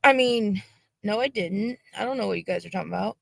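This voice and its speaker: A woman's voice: medium pitch, fairly quick, gravelly, fairly bright tone, no echo, low-quality recording. A woman on a livestream, chatting in a blunt, profane, mocking way. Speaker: guest on a livestream. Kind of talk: casual gossip chat on a livestream.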